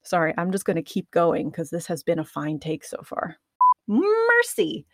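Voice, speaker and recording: A woman's voice: low voice, steady tone, normal speed, darkish tone, no echo. A woman podcast host recording outtakes at a computer microphone. She is nervous with a dry mouth, laughs at herself and keeps restarting her lines. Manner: self-deprecating, giggly, restarts often. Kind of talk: casual recording outtakes, self-commentary. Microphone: studio microphone at a computer.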